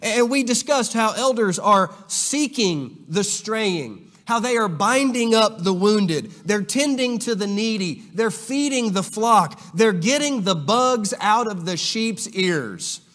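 A man with a fairly high voice delivers an earnest sermon, often doubling words as he restarts a thought. His voice rings out with a long reverb from a church hall. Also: expressive, slow, hardly any pauses, fairly bright tone. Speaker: preacher. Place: church auditorium.

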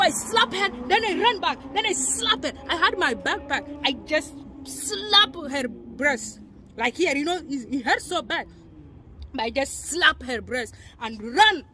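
A woman's voice: sits high, pushed and bright, a little hiss or hum. A young woman from Niger with a Nigerien accent, retelling a confrontation in a heated, profane and emphatic way as a vlogger. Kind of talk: angry storytelling to camera.

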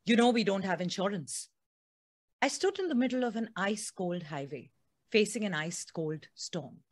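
A woman's voice: mid-range voice, expressive, moderate pace. A woman podcast host, chatting with her guest then reading a book excerpt aloud.

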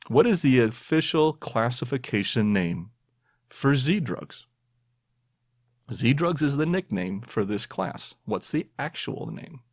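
A man's voice: mid-range voice, dry recording, clean studio sound. A man hosting a podcast, quizzing his listeners in a playful, self-mocking way. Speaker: podcast host. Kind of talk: quiz-style podcast monologue.

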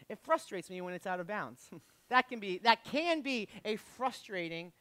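A male pastor preaching a sermon with self-deprecating humor, swinging between loud emphatic bursts and hushed lines. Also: high voice, big pitch swings, measured pace, clear, resonant tone, no echo.

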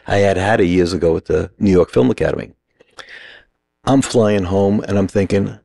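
A middle-aged acting teacher, appearing as a podcast guest, tells an animated story in short, punchy sentences, performing other people's lines. His voice is low, warm, and creaky at normal speed, recorded without echo.

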